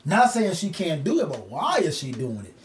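A man's voice: fairly high pitch, moderate pace, a little hiss or hum. A young man co-hosting a podcast, telling stories in casual, profane banter and putting on voices for the people he quotes. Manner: animated, profane storytelling with put-on quotes. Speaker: podcast co-host.

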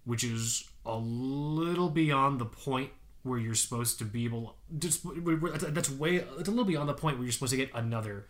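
A man's voice: medium pitch, moderate pace, hardly any pauses. A man co-hosting a casual podcast, telling a story emphatically, with frequent swearing and fillers. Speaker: podcast co-host.

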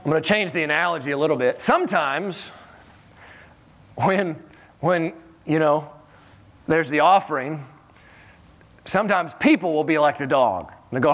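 A man preaching a sermon in a church in a conversational, animated way, often chuckling and repeating his words. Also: a little high, moderate pace, long pauses.

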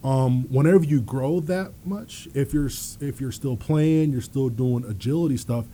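Sitting in a studio with slight background noise, a thirtysomething man who once played college basketball spins casual stories at normal speed. His pitch is medium, and he laughs frequently while animatedly imitating whoever he's quoting.

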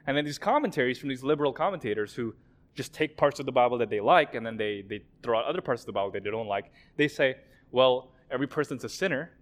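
A man's voice: medium pitch, lively intonation, fast. A man preaching a sermon in a conversational way, often acting out quoted prayers and remarks.

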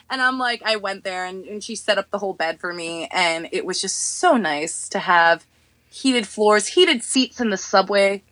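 A young woman from New York telling stories in a casual podcast chat, animated and acting out the people she quotes. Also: mid-range voice, normal speed, no echo. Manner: animated storytelling, acting out others in quoted voices, laughing often. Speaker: podcast guest.

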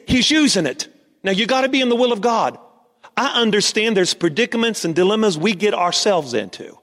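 Preaching man, high-pitched, repeats phrases, rallies the congregation, church hall reverb. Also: a bit bright. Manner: preaching, call-and-response with congregation; repeats lines for emphasis, sometimes sings phrases. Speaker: pastor. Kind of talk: sermon.

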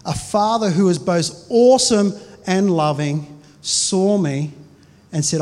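A pastor in his forties preaches a sermon, telling stories in a conversational way and often restarting his sentences. His voice sits high for a man, and the sound rings with a long hall reverb. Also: slow, a little mellow. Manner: conversational storytelling with many restarts.

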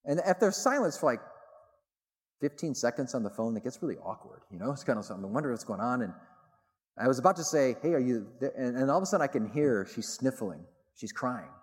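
A middle-aged man, a theologian, gives a public talk to a live audience, telling stories with animated delivery and emphatic repetition. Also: medium pitch, fast talker. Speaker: theologian and speaker. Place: large hall with audience. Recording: long reverb in a large hall.

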